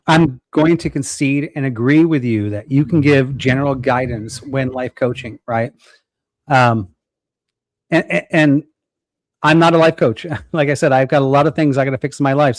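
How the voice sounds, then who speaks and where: A man's voice: mid-range voice, dry recording. A man debating in a casual chat, arguing his point and acting out little scenarios in quotes. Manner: argumentative, quick to act out scenarios in quotes. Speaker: guest.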